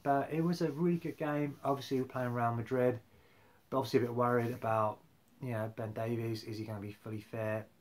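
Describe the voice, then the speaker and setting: A man's voice: medium pitch, fairly even intonation, brisk. A man rambling casually about football on a live stream, full of fillers and restarts. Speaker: football fan vlogger.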